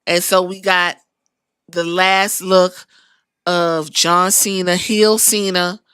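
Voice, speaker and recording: A woman hosting a podcast, retelling a wrestling show in an animated, profane, casual way. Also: on the low side, takes it slowly, clear, resonant tone, no room sound, clean studio sound. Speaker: podcast host.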